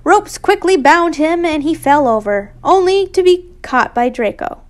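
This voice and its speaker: Slow, high-pitched woman reading fanfiction. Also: animated. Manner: stumbling, self-correcting, with asides. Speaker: fanfiction reader. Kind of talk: casual reading of a fanfiction story.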